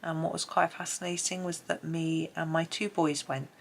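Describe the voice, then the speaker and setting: British woman hosting a colouring vlog, low voice with a gravelly edge, soft chatty delivery. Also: little pitch movement, normal speed, slight background noise, poor audio. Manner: chatty, soft-spoken, drifts into murmured asides. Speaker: colouring video creator. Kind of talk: casual narration while colouring.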